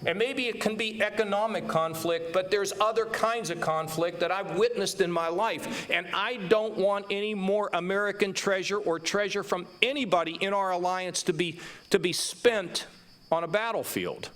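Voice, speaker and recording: Onstage before a live audience, a governor in his sixties speaks passionately in a conversation. His voice is high and fairly bright at a normal speed, and he's emphatic, stumbling over repeated words.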